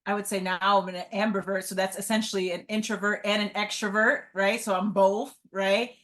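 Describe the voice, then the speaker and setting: A woman's voice: medium pitch, level tone, brisk, a bit bright. Earnest woman podcast guest. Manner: earnest, often adds "right?". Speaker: guest, entrepreneur. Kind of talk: casual interview talk.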